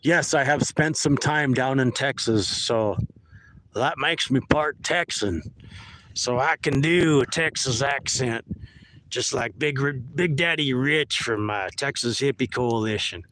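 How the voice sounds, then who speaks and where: A man's voice: mid-range voice, unhurried. A man hosting a casual livestream from a kayak on a lake, rambling and friendly, with lots of restarts. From eastern North Dakota. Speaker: livestream host. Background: birds and faint outdoor noise.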